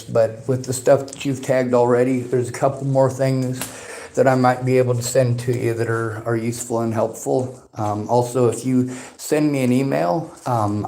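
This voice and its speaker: A man's voice: mid-range voice, mellow, a little hiss or hum. A man on a phone call that is being livestreamed, talking in long, aggrieved, rambling runs about police he is reporting on. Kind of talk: casual phone conversation, livestreamed.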